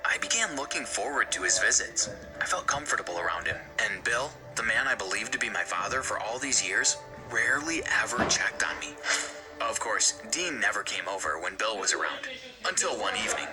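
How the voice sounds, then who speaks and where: A man reading a scripted first-person story in an earnest, steady way for an animated video. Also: on the low side, low-quality recording. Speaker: narrator. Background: background music.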